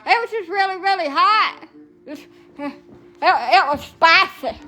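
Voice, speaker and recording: A woman's voice: very high-pitched, a little slow, pushed and bright, soft background music. A middle-aged woman from Alabama with a Southern accent, chatting casually in a blunt, salty, profane way and laughing at herself. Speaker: vlogger. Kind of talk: casual rambling chat.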